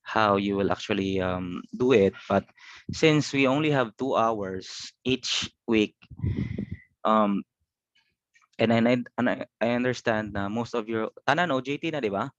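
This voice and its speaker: Male coding teacher, Cebuano accent, smooth low voice, dull dry lo-fi recording. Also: unhurried, fairly bright tone, no room sound. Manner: mixes English with Cebuano, thinks aloud with frequent fillers. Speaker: web design instructor. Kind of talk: live coding lesson.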